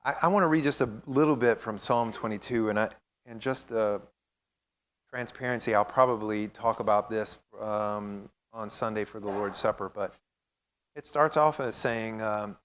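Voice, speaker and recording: A man's voice: lowish voice, normal speed, fairly bright tone, clean tone. Earnest man teaching a Bible class. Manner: earnest, conversational, reads scripture with feeling. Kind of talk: church Bible class discussion.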